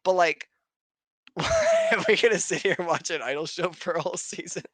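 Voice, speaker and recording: A man's voice: high-pitched, wildly swooping pitch, normal speed, a bit bright, breathy edge, no echo. A man hosting a podcast, casually recapping an anime episode with lots of swearing and laughter. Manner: profane, laughs often, loose rambling retelling. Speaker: podcast host.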